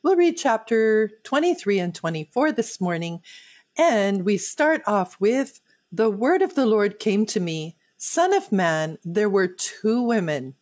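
Woman Bible teacher, unhurried and heartfelt, middle pitch, dry close sound. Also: sing-song, a little mellow, no room sound. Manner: slow, earnest, personal devotional tone. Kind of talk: Bible reading and commentary.

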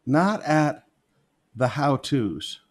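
A man's voice: a little high, animated, drawn-out words. A man preaching a sermon, repeating key phrases for emphasis as he reads and explains scripture.

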